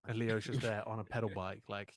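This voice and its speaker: A young man co-hosting a live trading stream, chatting casually and telling animated stories, swearing freely. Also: fairly low pitch, fairly quick, no echo, clean studio sound. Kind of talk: casual storytelling chat.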